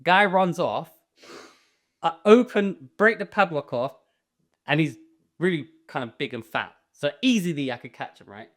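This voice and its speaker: A man co-hosting a comedy podcast, telling a sweary, animated story and laughing as he goes. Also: fairly high pitch, moderate pace. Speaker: podcast co-host.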